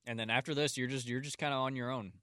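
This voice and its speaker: A man's voice: mid-range voice, steady tone, quick pace, fairly bright tone, no room sound, studio quality. A man co-hosting a comedy podcast, casually setting up the bit with hesitant fillers. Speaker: podcast co-host.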